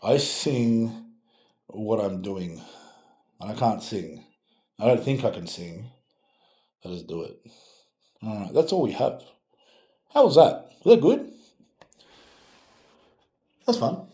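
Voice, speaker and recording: Man, sarcastic, mock-scolding, mellow tone, echoey room. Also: lowish voice, sing-song, takes it slowly, long pauses. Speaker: strength coach. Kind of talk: casual reaction video chat.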